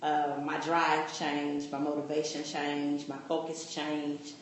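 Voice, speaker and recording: Woman telling her story in an echoey room. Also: deep voice. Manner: casual, animated storytelling with laughter. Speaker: coaching client. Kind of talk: personal testimony. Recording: echoey room with faint noise.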